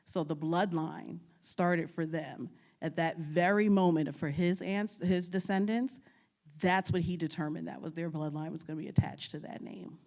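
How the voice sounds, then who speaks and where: A New York woman, invited as a guest speaker, tells an audience stories from her family research in a lecture at a state archives building. Her voice is on the lower side and her delivery animated at a normal speed, with frequent laughter and acted-out lines from her relatives.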